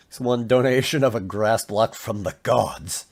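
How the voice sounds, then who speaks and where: Slow, gravelly, rambling game streamer, a man. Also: medium pitch. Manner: rambling, self-mocking, with playful voice bits. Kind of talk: casual chat while playing a game.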